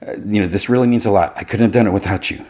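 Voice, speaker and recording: A man's voice: fairly low pitch, steady tone, very fast, a little mellow, close to an everyday voice. A man voicing a determined young woman inventor who pushes on stubbornly. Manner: stubborn, earnest.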